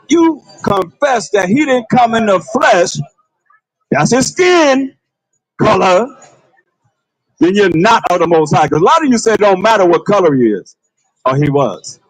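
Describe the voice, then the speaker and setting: A man preaches outdoors on a busy street, his voice sitting high and leaping all over the place. He confronts the crowd and calls out to passersby. The sound is dry and close. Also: animated, moderate pace, no room sound, rough recording.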